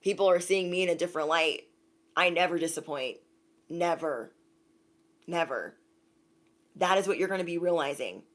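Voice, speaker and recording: A young woman chatting casually on a livestream as an intuitive reader, animated and laughing often, thanking viewers by name. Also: on the low side, moderate pace, pauses often.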